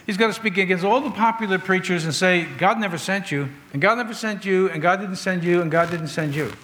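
A man's voice: high voice, brisk, a bit bright, a little hiss or hum. A man preaching a sermon in an earnest, conversational way, telling stories and asking rhetorical questions.

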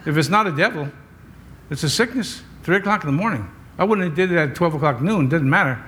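Older male pastor, slightly high voice, chatty sermon delivery with wry asides. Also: lively intonation, fast talker, sharp tone, a little hiss or hum. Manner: conversational preaching with wry asides.

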